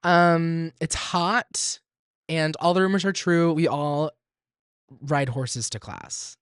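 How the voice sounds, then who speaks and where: A man's voice: a little high, takes it slowly, smooth, dry recording, studio quality. A young man from Texas in his twenties hosting a solo podcast, chatty and self-deprecating, breaking into sudden squeals and laughs. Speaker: podcast host.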